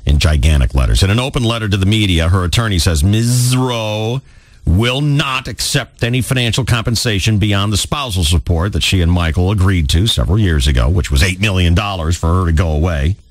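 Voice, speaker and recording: A man's voice: sits low, fairly quick, no room sound. A man hosting a morning radio show, joking and sarcastic as he riffs on the news. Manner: wisecracking, sarcastic.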